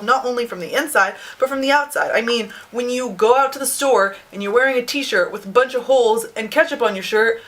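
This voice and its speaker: A woman's voice: fairly high pitch, a bit bright, low-quality recording. A young adult woman talking casually to camera in a bubbly, upbeat, chatty vlog. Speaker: vlogger.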